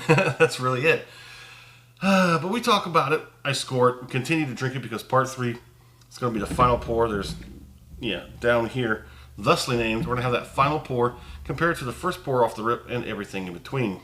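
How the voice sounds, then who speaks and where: A man hosting his own spirits review channel, talking casually and relaxed, thinking aloud and laughing at himself. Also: medium pitch. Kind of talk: casual on-camera review chat.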